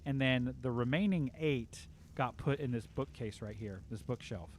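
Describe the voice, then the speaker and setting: A man's voice: mid-range voice, moderate pace, slight background noise. A man chatting casually on a live game stream, rambling with lots of fillers.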